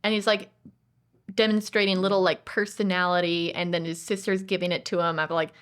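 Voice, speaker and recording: A woman's voice: lowish voice, flat delivery, a little fast, a bit bright, clear, resonant tone. A woman co-hosting a podcast, chatting casually about movies in a digressive way and acting out other people's lines. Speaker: podcast co-host.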